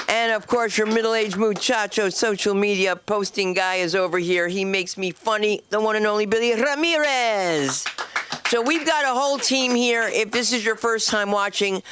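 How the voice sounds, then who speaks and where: A woman's voice: mid-range voice, a bit bright, slight background noise. A woman hosting an open mic at a comedy club, doing brash, chatty stand-up and teasing the audience. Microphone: handheld microphone.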